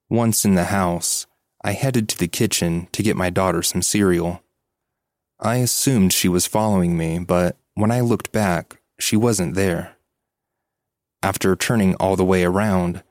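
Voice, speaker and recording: A man hosting a podcast, calmly reading a listener's story aloud as scripted narration. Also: low-pitched, no room sound, studio quality. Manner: calm, measured storytelling.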